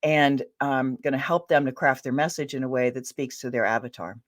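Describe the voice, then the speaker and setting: A woman author being interviewed, chatty and quick to laugh, restarting her sentences as she explains her work. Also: extremely low pitch. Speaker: ghostwriter and author, interview guest. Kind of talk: casual interview answers.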